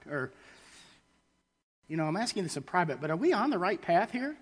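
A man delivers a sermon, reading scripture and retelling it in casual, halting paraphrase full of restarts. His voice sits a touch high for a man. A long reverb trails each phrase, as in a large hall. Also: big pitch swings. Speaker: preacher.

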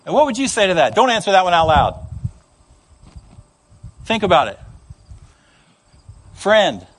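A man preaching a sermon to a congregation, animated, acting out the voices he quotes and adding humorous asides. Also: sits high, unhurried, husky. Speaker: pastor. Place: church service before a congregation.

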